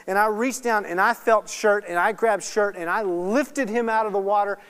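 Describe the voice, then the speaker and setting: A man giving a sermon at an evening Bible study, telling a personal story in an animated way and then praying. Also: high-pitched, normal speed, smooth. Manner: animated storytelling, laughs at himself. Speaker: guest preacher. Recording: reverberant hall sound.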